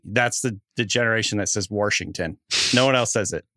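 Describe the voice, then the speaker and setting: A man's voice: lowish voice, a little fast, pushed and bright, no echo, studio quality. A man in his thirties co-hosting a podcast, chatting animatedly and laughing a lot. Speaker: podcast co-host. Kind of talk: casual chat.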